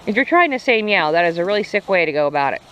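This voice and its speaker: A woman's voice: fairly low pitch, sing-song, very fast, a bit bright, clear, resonant tone. Playful woman teasing her chickens. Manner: teasing, playful, baby talk to animals. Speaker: farm vlogger. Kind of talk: casual chat to farm animals. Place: outdoors on a farm with poultry. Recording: noisy outdoor farm audio. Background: clucking chickens and crowing roosters.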